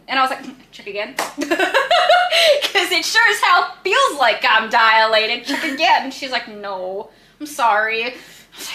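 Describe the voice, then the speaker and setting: A woman's voice: fairly high pitch, bright, forceful tone, reverberant. A young woman co-hosting a podcast, telling a blunt story, swearing freely and acting out the voices of people she quotes. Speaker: podcast co-host. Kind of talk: casual storytelling.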